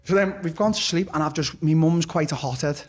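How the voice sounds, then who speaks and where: Husky Liverpool man, blunt and sweary. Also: fairly high pitch, brisk, soft background music. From Liverpool, England. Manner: blunt, swears constantly, restarts sentences. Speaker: podcast guest, fighter. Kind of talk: candid personal storytelling.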